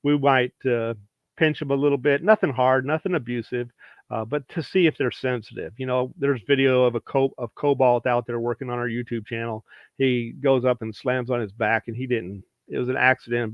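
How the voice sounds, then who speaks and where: A man's voice: medium pitch, steady tone, brisk. A plain-spoken man explains dog training in a matter-of-fact instructional way, driving each point home. His mid-range voice comes through a dull, lo-fi recording with a dry, close sound and no room echo. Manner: plain-spoken, practical, repeats points for emphasis. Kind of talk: instructional talk.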